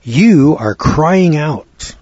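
A man preaching a sermon, sarcastic and fiery, dropping to low asides and rising to loud outbursts. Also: expressive, extremely slow, slightly rough, dry recording. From United States. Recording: dry, dull lo-fi recording.

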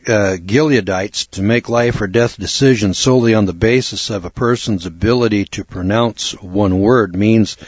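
American man, low voice, measured Bible teacher, dull dry recording. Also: no echo. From United States. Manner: measured, deliberate, with occasional throat clearing. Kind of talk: explanatory Bible lecture.

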